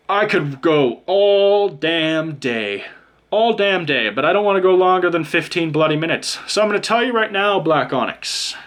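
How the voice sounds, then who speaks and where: Man, fairly high voice, animated, sarcastic, joking tarot reader, casual swearing. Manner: swears casually and addresses the viewer directly. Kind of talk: pick-a-card tarot reading.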